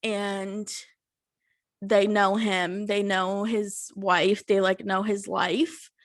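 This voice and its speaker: A woman's voice: medium pitch, little pitch movement, extremely slow, dry recording. Young woman podcast host, early twenties, blunt and profane, exasperated storyteller, dry close sound. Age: 20s. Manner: blunt, swears a lot, exasperated retelling. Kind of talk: casual storytelling monologue.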